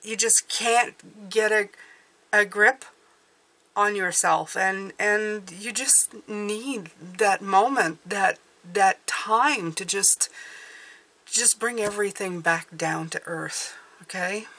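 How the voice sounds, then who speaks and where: A woman's voice: medium pitch, slow, sharp tone. A woman giving a casual, rambling intuitive tarot reading, often checking in with "okay?". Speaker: tarot reader.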